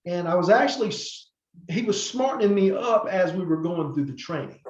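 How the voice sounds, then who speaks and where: Animated and at normal speed, a high-voiced former wrestler from North Carolina, USA, tells rambling stories as a podcast guest, with many fillers and restarts and acted-out quotes. The casual interview is recorded in a roomy space, slightly muffled, with slight background noise.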